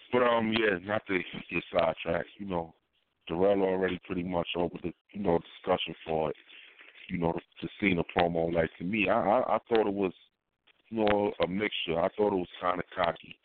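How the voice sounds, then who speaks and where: On a phone-like line with faint noise, a man co-hosts a podcast in casual chat, using a low voice with fairly even intonation at normal speed. He talks in emphatic slang and repeats himself for effect.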